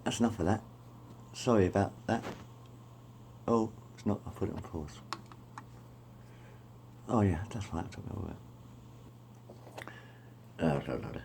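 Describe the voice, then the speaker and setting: A man's voice: sits low, measured pace, vocal fry, pauses often, a little mellow, a little hiss or hum. A middle-aged man rambles through school memories, repeating himself and correcting his details as he goes. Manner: repetitive, meandering, self-correcting. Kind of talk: rambling personal storytelling.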